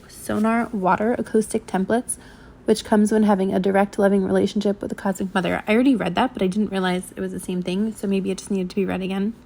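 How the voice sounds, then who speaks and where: A woman reading and commenting on a channeled spiritual transmission, speaking haltingly with many ums and likes and a slightly shaky voice. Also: medium pitch, darkish tone, slight background noise. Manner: halting, full of ums and likes, trips over words.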